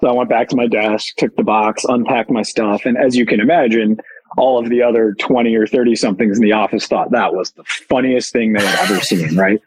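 Guy, husky voice, candid animated storytelling, pokes fun at himself. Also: fairly low pitch, a little fast, low-quality recording. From Chicago. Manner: animated, candid, self-deprecating. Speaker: guest, company founder. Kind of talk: casual storytelling.

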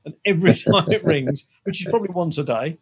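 A man's voice: a little high, animated, quick pace, husky. A man in casual podcast chat, joking around and mimicking gadget voices. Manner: playful, jokey, mimics voices. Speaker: podcast co-host.

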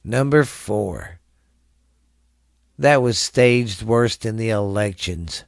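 Tired, slow-talking man. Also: fairly low pitch, lively intonation, vocal fry, dry recording, clean studio sound. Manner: loose, rambling and crude, with coughs and trailing off. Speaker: podcast host. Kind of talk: casual solo podcast chat.

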